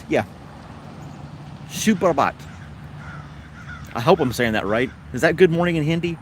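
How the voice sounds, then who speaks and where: A man's voice: on the high side, lively intonation, unhurried, long pauses, a little hiss or hum. A man with a Tennessee accent hosting a casual livestream chat, rambling along in an easygoing way. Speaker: host.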